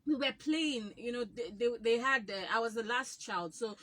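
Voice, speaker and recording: A young Nigerian woman telling childhood stories in a casual chat, animated and laughing often. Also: fairly high pitch, normal speed.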